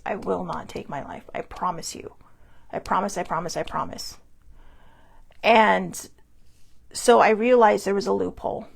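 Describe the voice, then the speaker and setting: A woman's voice: medium pitch, creaky. A woman hosting a personal mental health talk, speaking in a candid, confessional way. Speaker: host.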